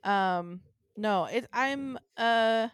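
A woman co-hosting a podcast drifts from thought to thought, filling pauses with ums and laughing often. Her voice sits fairly high, and the sound is close and dry with no room echo. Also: smooth. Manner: rambling, with many ums and frequent laughs. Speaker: podcast co-host. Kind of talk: casual chat.

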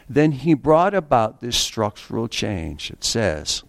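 A man preaching a sermon in an earnest way, slowing down to read scripture aloud and stumbling over the odd restart. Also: mid-range voice, very animated, gravelly, dry recording, clean studio sound.

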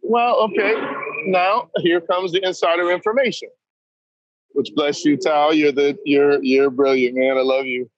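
A man's voice: a little high, a little slow, no room sound, lo-fi sound. A man talking as a podcast guest, blunt and emphatic, who keeps saying "man" as he talks. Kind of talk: candid conversation.

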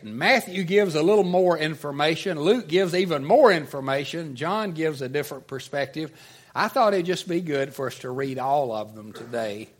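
A man with a Southern US accent preaching an earnest, conversational sermon and reading scripture aloud. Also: fairly high pitch. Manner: earnest, conversational, restarts often. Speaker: pastor.

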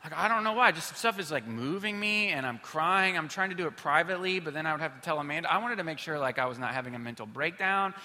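A man's voice: fairly high pitch, lively intonation, fast, hardly any pauses, sharp tone. A man in his thirties preaching a sermon, telling stories about himself in a casual, self-mocking way with plenty of fillers. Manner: conversational, self-deprecating storytelling with many fillers. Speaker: pastor. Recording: reverberant hall.

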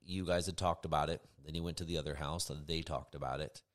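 A man's voice: a bass voice, steady tone, fast talker. A man co-hosting a podcast, talking earnestly about co-parenting and often agreeing with "right". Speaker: podcast co-host. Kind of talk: casual conversation.

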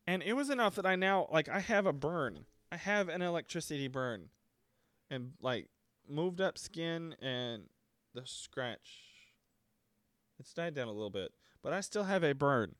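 A man's voice: fairly high pitch, animated, a little slow, fairly bright tone, no room sound. A man from Texas, talking casually at home into a close mic, ranting sarcastically about a horror movie and acting out quotes in mocking voices. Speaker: podcast host reviewing a horror movie.

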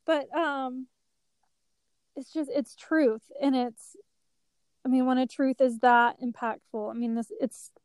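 Reassuring woman with a higher voice. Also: steady tone, slow, long pauses, smooth, dry recording, low-quality recording. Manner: warm, reassuring, emotional. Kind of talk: faith podcast conversation.

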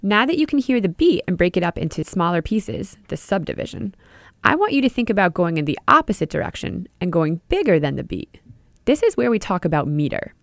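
A podcast host and music teacher delivers a scripted music lesson, explaining each idea clearly and directly asking the listener questions. She speaks briskly with big, free pitch swings. The recording is close and dry, with no room sound.

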